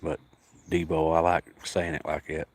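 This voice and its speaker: A man's voice: a bass voice, flat delivery, moderate pace, darkish tone. A man chatting casually on a phone livestream outdoors, folksy and drawling, answering viewers by name. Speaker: cat sanctuary livestreamer. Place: outdoors at an animal sanctuary.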